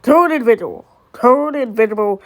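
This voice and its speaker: A woman's voice: on the high side, animated, moderate pace. Woman putting on a brash rude male ghost, Beetlejuice. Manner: brash, mocking, pushy.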